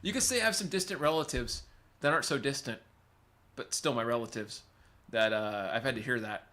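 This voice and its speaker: A man's voice: medium pitch, fairly quick, bright, forceful tone. A man from California's Central Valley hosting a casual livestream, rambling, laughing often and reading chat aloud. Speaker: livestream host and musician.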